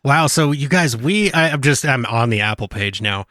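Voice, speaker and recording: A man at mid pitch talks eagerly and sincerely on a podcast, often stopping to restart a thought. His voice is recorded dry and close. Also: animated, normal speed, sharp tone, no echo. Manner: enthusiastic, earnest, restarts sentences. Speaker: podcast co-host. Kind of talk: casual podcast chat.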